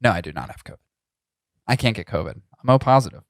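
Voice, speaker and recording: A man's voice: on the low side, expressive, fast talker, no room sound, studio quality. A man co-hosting a cigar podcast in loose, profane, jokey chat, coughing now and then. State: coughing, tickle in throat. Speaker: podcast co-host. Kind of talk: casual chat.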